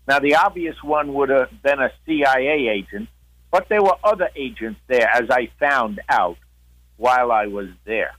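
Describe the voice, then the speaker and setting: A man's voice: mid-range voice, a bit bright, no room sound, low-quality recording. A man in his seventies or older, a veteran guest recounting a story in a rambling way and acting out quotes. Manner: rambling, with frequent "uh" and acted-out quotes. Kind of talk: storytelling interview.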